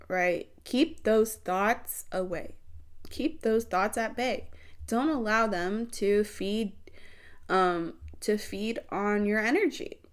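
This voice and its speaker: A young woman talks her viewers through a spiritual card reading. She speaks slowly, at a medium pitch, and lets each phrase settle. She sounds earnest and teary. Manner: slow, emotional and earnest, speaking straight to viewers. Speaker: tarot reader.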